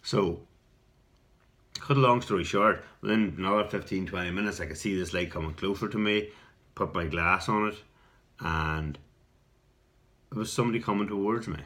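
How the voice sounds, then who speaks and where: A middle-aged Irish man telling a rambling personal story in a casual vlog, repeating words and clearing his throat now and then. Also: low voice, normal speed, pauses often, a bit bright. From Ireland. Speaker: video response storyteller.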